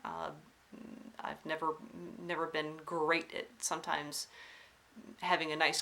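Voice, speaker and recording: A woman with a mixed Alabama and North Carolina accent talks casually to her viewers from home. Her voice sits on the low side yet sounds bright and clear. She enunciates with care but rambles, restarts often, and softens her R's slightly. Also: level tone, a little slow. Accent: Southern US, mixed Alabama and North Carolina. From Southern United States (Alabama, then North Carolina). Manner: chatty and rambling, with many ums and restarts; careful enunciation. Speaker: cross-stitch vlogger. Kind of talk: casual chat to camera. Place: at home indoors.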